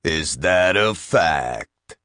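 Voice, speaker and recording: A man voicing a bullying, smarmy talking machine, loud and peremptory with a slight accent. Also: on the low side, flat delivery, measured pace, clear, resonant tone, dry recording, clean studio sound. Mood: bossy.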